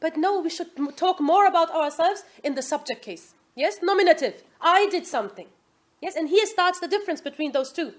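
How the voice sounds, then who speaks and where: High-voiced woman teaching an Islamic class. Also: fairly quick, hardly any pauses. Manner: asks the class "Yes?" often, lively quoting. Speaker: religious teacher.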